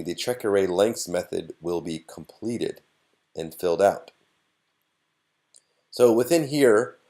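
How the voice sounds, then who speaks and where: A man's voice: low voice, a little mellow. A man teaching a programming course, explaining step by step with frequent fillers as he types. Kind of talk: screen-recorded coding tutorial.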